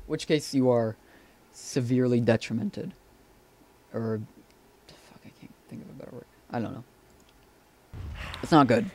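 A man's voice: medium pitch, creaky, dark tone. A man giving casual, profane commentary over a replay of his own game. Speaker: gameplay commentator.

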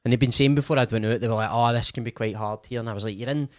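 A man's voice: medium pitch, steady tone, rapid-fire, no echo, studio quality. A young Scottish man, a guest comedian, telling sweary, laughing anecdotes in casual podcast chat. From Scotland. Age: young adult.

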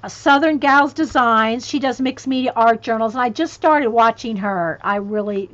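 On a home craft livestream lit by a ring light, a craft vlogger reads out a list of channels, chatting and rambling casually and breaking off to talk to her cat as her voice grows worn. Her voice is on the high side and fairly bright, at a moderate pace with few pauses, in lo-fi sound.

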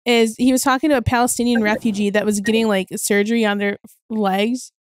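A woman's voice: a little high, fairly even intonation, brisk, no room sound. A young woman in a casual podcast chat, blunt and teasing, swearing freely.

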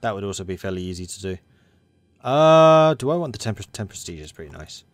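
Man, lowish voice, dry close sound, casual strategy game commentary, thinking aloud. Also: big pitch swings, brisk, dry recording. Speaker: gaming channel host.

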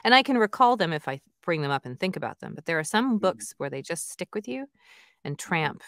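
Woman audiobook narrator gushing in an interview, low pitched, dead dry mic, chatty. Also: sing-song, fairly quick, few pauses, a bit bright, no echo. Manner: chatty and enthusiastic, many "like" and "you know" fillers. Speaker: audiobook narrator and author, guest. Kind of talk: casual interview chat.

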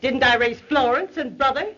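A woman's voice: high voice, animated, normal speed, fairly bright tone, dull audio. An actress playing a bossy, meddling older mother-in-law who scolds and nags, on an old 1930s film soundtrack. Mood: scolding. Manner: scolding, nagging.

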